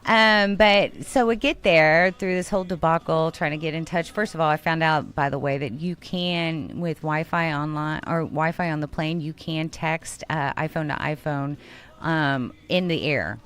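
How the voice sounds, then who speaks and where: A woman's voice: low voice, normal speed, clean tone. A woman co-hosting a talk show, telling a funny travel story in casual chat and acting out the voices of the people in it. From Texas. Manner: animated, laughing, acts out quoted dialogue. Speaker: radio show co-host.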